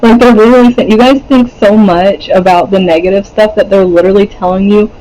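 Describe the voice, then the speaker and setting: A man's voice: sits high, steady tone, a little fast, darkish tone, rough recording. A man doing a casual pick-a-card tarot reading, rambling with many fillers, swearing and laughing often. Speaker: tarot reader.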